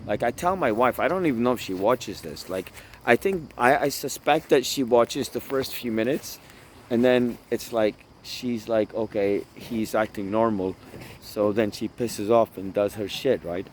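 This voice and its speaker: A man's voice: fairly low pitch, measured pace, slight background noise. A man talking casually to his phone camera while walking by water in a park, rambling, swearing and repeating himself. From Toronto area. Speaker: vlogger. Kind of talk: casual outdoor vlog monologue. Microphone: phone camera held by himself.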